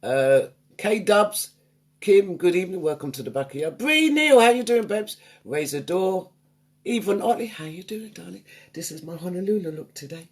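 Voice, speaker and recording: A woman's voice: fairly low pitch, animated, moderate pace. A woman hosting a live online radio show, chatting upbeat and greeting listeners by name. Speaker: radio DJ and host.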